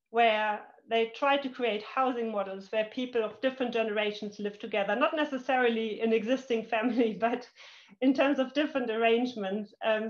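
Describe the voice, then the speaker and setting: Woman presenting on muffled call. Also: fairly high pitch. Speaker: webinar presenter. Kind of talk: conference presentation over video call. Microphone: video call. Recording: dull lo-fi call audio.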